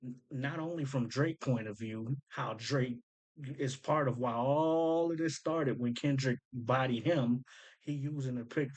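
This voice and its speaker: A man's voice: mid-range voice, unhurried, darkish tone, poor audio. A man hosting a casual commentary, eagerly explaining and pointing out details as he goes. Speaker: host breaking down rap lyrics.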